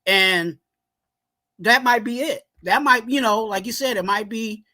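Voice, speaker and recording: A man co-hosting a fan podcast, ranting heatedly and shouting about his team's coaching. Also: high-pitched, unhurried. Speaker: podcast co-host. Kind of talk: heated sports fan rant.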